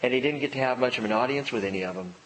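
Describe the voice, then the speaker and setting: A man preaching a sermon, moving between emphatic and hushed delivery. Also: medium pitch, rapid-fire, long reverb tail, poor audio. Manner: expressive preaching, swings from loud to hushed. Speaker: pastor.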